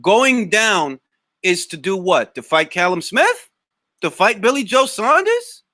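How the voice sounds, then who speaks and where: A man hosting a live boxing Q&A, answering chat comments in a blunt, slangy, animated way. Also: sits high, a little slow, no room sound. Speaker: boxing talk show host.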